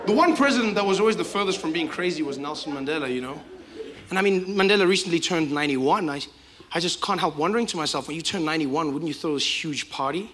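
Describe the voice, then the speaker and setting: A male stand-up comedian with a high, bright voice tells an animated story and acts out the scenes as he goes. He laughs through his lines, and a faint hiss runs underneath. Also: fast.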